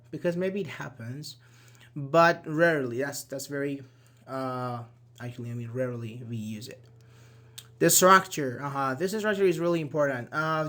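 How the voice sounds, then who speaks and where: A man's voice: fairly high pitch, fairly bright tone. A man teaching an English grammar lesson in an online class, explaining patiently and repeating key words, with frequent "uh" and "okay".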